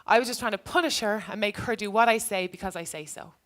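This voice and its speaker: Addressing an audience in an earnest, reflective talk, a woman who used to teach shares a classroom story. Her medium-pitched voice is a bit bright and moves at a quick pace.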